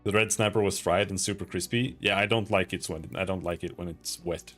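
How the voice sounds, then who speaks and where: Swedish-accented young male streamer, low voice, rambling casual chat with soft game music behind. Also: fairly even intonation, fairly quick. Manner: chatty and rambling, casual swearing. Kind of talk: casual gaming livestream chat.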